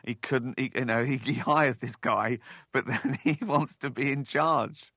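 A man in an interview, telling office anecdotes in a wry, conversational way at a middle pitch. His voice is recorded dry and close in a studio. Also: a little slow, sharp tone, slightly rough, dry recording. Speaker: comedy creator, interview guest.

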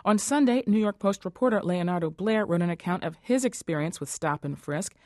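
A woman hosting a radio news program, presenting in a measured, formal way and interviewing guests. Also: fairly low pitch, expressive, darkish tone, dry recording. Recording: dry studio sound.

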